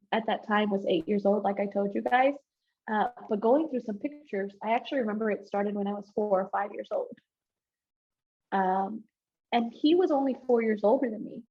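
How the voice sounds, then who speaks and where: Woman, testimony to a church group, slightly high voice, lively storytelling, informal, slightly muffled sound. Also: breathy edge. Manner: animated storytelling, acts out quoted dialogue, laughs often; informal, addresses audience as y'all and guys. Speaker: speaker sharing personal testimony; abuse counselor and youth mentor.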